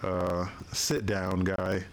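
A man co-hosting a casual gaming chat, talking in halting bits that trail off and restart. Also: sits low, completely flat delivery, a little hiss or hum. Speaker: podcast co-host.

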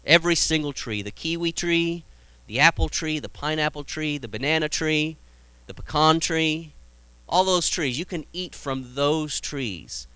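A man's voice: a little high, measured pace, bright, forceful tone, clean tone, no echo, voice pushed up, low-quality recording. A man voicing God as a generous creator, eagerly listing what the first people may eat. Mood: expansive. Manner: expansive, listing things eagerly.

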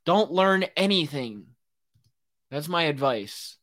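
Young male podcast host, slightly high voice with lots of swing, excitable ranter who swears freely. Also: slow pace. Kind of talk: solo rambling podcast monologue.

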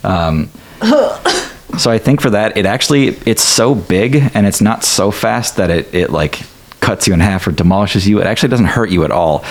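Deep-voiced man running a tabletop game. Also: normal speed. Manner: rambling, many ums and likes. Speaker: game master.

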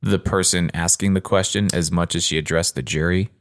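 Very deep-voiced casual man. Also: a little fast. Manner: laid-back, animated retelling with lots of "like". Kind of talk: casual chat.

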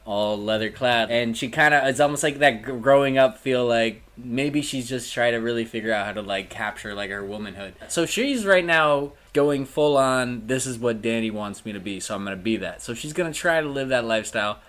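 Male podcast co-host, mid pitch, chatty and animated, slips into character voices. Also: a little fast, few pauses. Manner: animated, acts out movie characters' lines. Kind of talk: casual chat.

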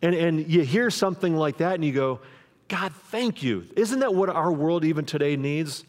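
A man's voice: a little high, a little fast, a little mellow. A man preaching a sermon as pastor, in a conversational way, acting out the quoted voices of the people in his stories. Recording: long hall reverb.

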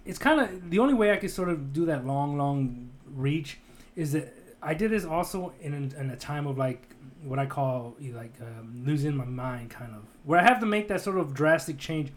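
A man with a slightly high voice hosts a casual podcast chat. He rambles, stumbles over restarts and drifts between thoughts as he talks with friends. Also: expressive, normal speed. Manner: rambling, with frequent restarts and laughs. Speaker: podcast host.

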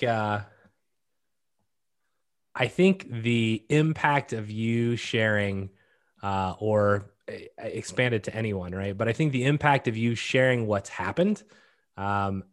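A man co-hosting a class, speaking slowly and hesitantly with frequent uh fillers. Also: lowish voice. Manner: slow and hesitant, with many uh fillers. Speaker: co-host of the class. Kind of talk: conversational class talk.

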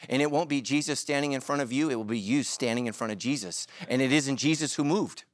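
A man's voice: mid-range voice, fast, no echo. A middle-aged man preaching a sermon as a pastor, telling stories with jokes and acting out quotes. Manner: animated storytelling with jokes and acted-out quotes.

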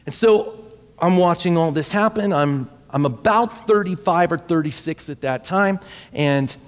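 A man's voice: a little high, measured pace, big-room sound. A pastor in his forties tells a story in a conversational sermon style and often repeats words as he goes. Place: church sanctuary.

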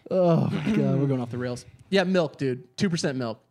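A man's voice: mid-range voice, normal speed, a little mellow. A man in a casual podcast chat, teasing the others and saying dude a lot. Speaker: podcast guest.

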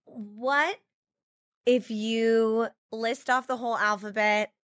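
A playful woman hosts a comedy podcast, giggling her way through improv games. She speaks at an unhurried pace with a slightly high voice. The recording is dry and close. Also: fairly even intonation, a bit bright, no room sound. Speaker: podcast host.

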